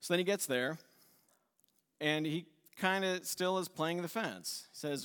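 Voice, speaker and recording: Man, pastor, chatty sermon, acts out the characters, somewhat high voice. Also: takes it slowly, long pauses, a bit bright, clean tone, long reverb tail. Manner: conversational storytelling, acts out quoted voices with laughs.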